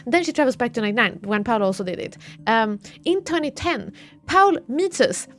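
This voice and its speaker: A woman streamer casually recapping a game's story in an excitable, rambling way. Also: fairly high pitch, moderate pace. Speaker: let's play streamer.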